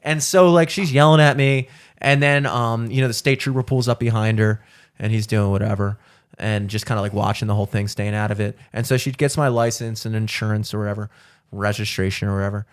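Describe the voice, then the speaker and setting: A man, co-hosting a podcast and telling a long story in casual chat, animated and profane, acting out the voices of the people in it. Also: on the low side, brisk, clean tone. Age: 30s. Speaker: podcast co-host.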